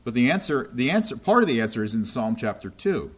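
A man's voice: medium pitch, very animated, fast talker, slightly rough. Male preacher, mid-range voice, chatty teaching delivery that checks in with listeners. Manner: checks in with listeners often, asking "right?" and "okay?". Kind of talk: conversational Bible teaching.

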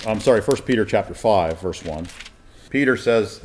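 A man's voice: fairly low pitch, moderate pace, darkish tone. Conversational pastor teaching, man. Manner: conversational, asks the listeners rhetorical questions. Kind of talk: verse-by-verse Bible teaching.

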